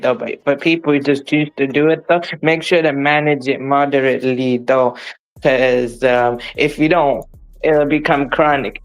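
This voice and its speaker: Male guest, higher pitch, hedging conversational delivery. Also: poor audio. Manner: hedging, tags "though" on sentences. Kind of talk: casual chat.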